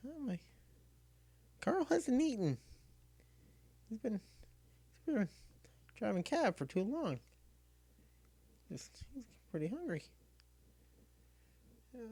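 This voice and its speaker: A man's voice: sits high, sing-song, takes it slowly, creaky, pauses often, warm tone, slightly rough, dry recording. A man streaming a game, telling a story in a rambling, casual way, full of restarts, close and dry on the mic. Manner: rambling, many restarts and fillers. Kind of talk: casual storytelling while gaming.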